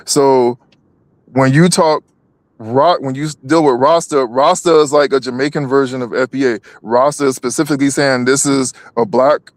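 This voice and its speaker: Man talking politics in halting bursts. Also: medium pitch, fairly even intonation, no echo. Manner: halting, many restarts and repeated words. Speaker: live stream co-host. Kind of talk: casual political talk.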